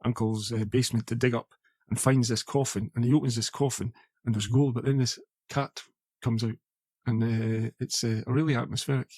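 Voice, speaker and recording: A man's voice: medium pitch, steady tone, brisk, darkish tone, dry recording. A man co-hosting a podcast, chatting casually about an old film, rambling with lots of fillers and restarts. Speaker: podcast co-host.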